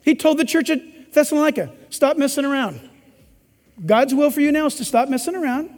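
High-voiced middle-aged pastor in echoey hall. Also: male voice, fast, darkish tone. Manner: emphatic and conversational, acting out quoted voices. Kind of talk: sermon.

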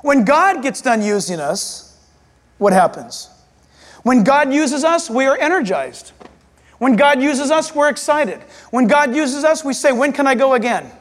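A man preaching a sermon as pastor, animated and acting out voices and jokes. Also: extremely high pitch, measured pace. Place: church hall. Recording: reverberant hall.

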